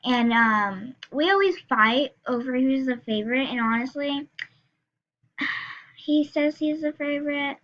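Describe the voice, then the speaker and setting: A woman's voice: high-pitched, unhurried, pushed and bright. A girl in her teens chatting casually to viewers, rambling with lots of fillers as she reads funny text messages aloud. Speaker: YouTuber. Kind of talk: casual reaction vlog, reading texts aloud. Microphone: screen recorder, built-in mic. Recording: slightly dull lo-fi sound.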